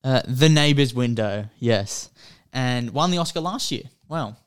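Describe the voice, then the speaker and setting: A man co-hosts a casual podcast, walking through a film's plot in an animated, rambling way. His voice is smooth and clear, recorded close and dry with no room sound. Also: medium pitch, measured pace, dry recording. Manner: rambling, animated storytelling with filler words. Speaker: podcast co-host. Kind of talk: casual film chat.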